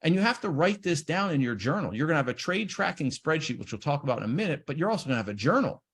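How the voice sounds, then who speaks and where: A man giving an animated seminar talk on trading, acting out the inner voices of traders. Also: on the high side, fast, husky. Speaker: trading educator.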